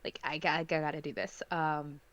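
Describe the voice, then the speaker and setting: A woman's voice: low-pitched, little pitch movement, moderate pace, a bit bright, dry recording, muffled recording. A woman playing a tabletop game, chatting casually as she describes what her character does. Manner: chatty, drops to a near-whisper while describing her character. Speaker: player.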